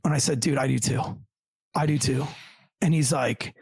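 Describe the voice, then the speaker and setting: Man, cop, gravelly husky voice, profane casual storytelling, acts out other people's lines. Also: mid-range voice, moderate pace, no room sound. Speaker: police officer telling a story as podcast guest.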